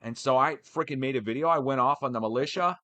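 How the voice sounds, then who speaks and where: A man, the host of his own channel, talks through a loose, animated update. He rants and swears freely at a middling pitch. The sound is dry and close, with no room around him. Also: fast, dry recording, muffled recording. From United States. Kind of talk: casual ranting update.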